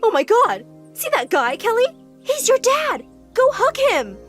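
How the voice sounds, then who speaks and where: A woman voicing an erratic, loud mother in an animated story, swinging between frantic outbursts and tearful pleading. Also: extremely high pitch, a little fast, soft background music, voice pushed up.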